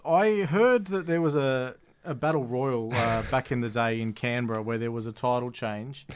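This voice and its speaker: A man hosting a casual podcast, asking questions in a relaxed, hesitant way with many fillers. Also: mid-range voice, normal speed, smooth. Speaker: podcast host.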